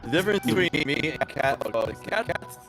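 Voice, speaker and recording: A man's voice: on the high side, sing-song, moderate pace. A man co-hosting a livestream, chatting casually, swearing and joking while talking over his co-host. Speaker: stream co-host. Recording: music playing behind the voice.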